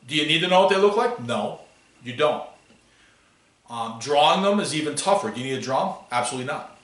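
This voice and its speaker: A man teaching a classroom math lesson, animated and playful, asking students questions as he works. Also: a little high, brisk. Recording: echoey classroom, voice from far off.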